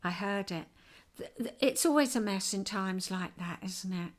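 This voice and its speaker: An older woman hosting a casual home vlog, chatty and rambling and quick to get excited. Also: mid-range voice. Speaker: vlog host.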